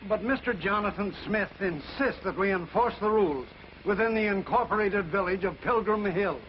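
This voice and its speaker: Actor for a fussy, courteous train official, 1950s TV drama style. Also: male voice, sits high, moderate pace, a little hiss or hum, lightly acted. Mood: apologetic. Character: polite officious train conductor. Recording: dull lo-fi 1950s film sound.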